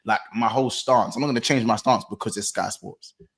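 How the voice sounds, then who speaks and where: A young man chatting casually about football on a podcast, laid-back and slangy, trailing off quietly. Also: lowish voice, fast, gravelly, slightly rough. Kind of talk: casual chat.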